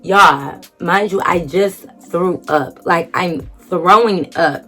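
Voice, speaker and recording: A woman's voice: on the low side, takes it slowly, pushed and bright, soft background music. A young woman vlogger telling a dramatic storytime story casually, acting out quotes and swearing freely.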